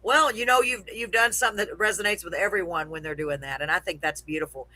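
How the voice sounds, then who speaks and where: A woman's voice: on the low side, fast, bright, forceful tone. Gushing Texas woman hosting. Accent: faint Texas. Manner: gushing, laughing, chatty. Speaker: host of a live web radio show. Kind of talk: casual chat.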